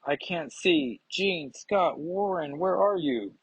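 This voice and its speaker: A man's voice: on the high side, moderate pace, fairly bright tone, slightly rough, dry recording. Cocky young ice hero, as a man reads him. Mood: alarmed. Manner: boastful, overconfident.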